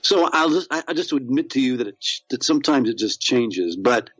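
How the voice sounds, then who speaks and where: A man's voice: medium pitch, animated, brisk, a bit bright, dry recording, low-quality recording. A man, an actor, chatting as a podcast guest, rambling with many fillers and restarts. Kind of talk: casual interview chat.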